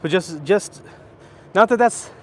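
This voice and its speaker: A man's voice: high voice, lively intonation, slow, fairly bright tone, a little hiss or hum. A man in his thirties, live-streaming from a handheld phone while walking, chatting casually and rambling as he answers viewers' questions. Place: indoor library, then outdoor rooftop.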